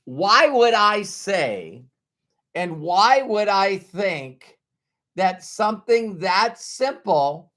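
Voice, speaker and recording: Animated, higher-voiced male business trainer. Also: extremely slow. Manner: animated, repetitive, emphatic. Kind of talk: motivational storytelling.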